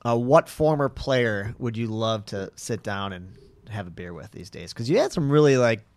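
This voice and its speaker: A man hosting a podcast in casual chat, upbeat and quick to react. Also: on the low side, expressive, no room sound. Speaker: podcast host.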